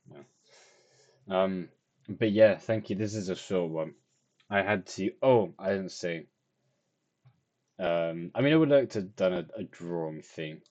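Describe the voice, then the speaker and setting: A man's voice: low-pitched, darkish tone, dull audio. A tired young man, rambling and self-deprecating as he talks through his drawing in a casual video diary. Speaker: vlogger.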